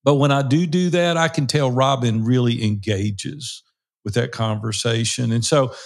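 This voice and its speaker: A man's voice: mid-range voice, normal speed. A man in his sixties co-hosting a podcast, talking candidly and encouragingly about marriage in casual conversation. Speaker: podcast co-host.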